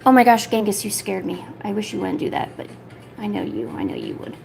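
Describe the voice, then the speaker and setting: A woman in her thirties, chatting casually on a livestream while she sketches, rambling with lots of filler words and cooing softly to her pet. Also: medium pitch, huge pitch swings, a little fast, vocal fry, slight background noise. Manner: soft, doting talk to her pet. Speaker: artist streamer.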